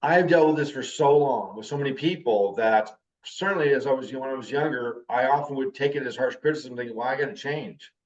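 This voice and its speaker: A man in his fifties teaching a class, his talk intense. His voice sits at an ordinary pitch. It was recorded from a distance on a dull, lo-fi recording. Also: brisk, hardly any pauses. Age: 50s. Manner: intense, animated talker.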